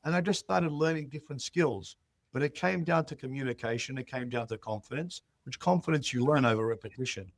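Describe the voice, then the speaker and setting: A man's voice: medium pitch, fairly quick, creaky, no room sound. A man, a real estate chief executive telling stories in an interview and acting out the dialogue in them. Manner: animated, acts out dialogue in stories. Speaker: real estate CEO, guest. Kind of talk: interview storytelling.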